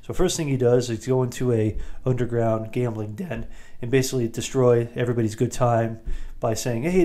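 A man hosting a podcast, giving a rambling, jokey recap of a movie with quick asides. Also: mid-range voice, warm tone. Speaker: podcast host.

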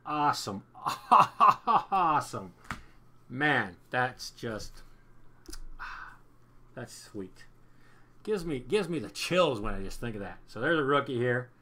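A man's voice: medium pitch, animated, takes it slowly, long pauses, fairly bright tone. A man casually narrating a hockey card box break as its host, chatty and upbeat, often repeating himself. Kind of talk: casual card-opening commentary.

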